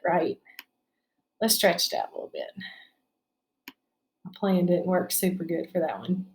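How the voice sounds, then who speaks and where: A woman's voice: fairly low pitch, darkish tone. A woman teacher leading a spelling lesson for children, patiently sounding out each syllable and checking in with "right?".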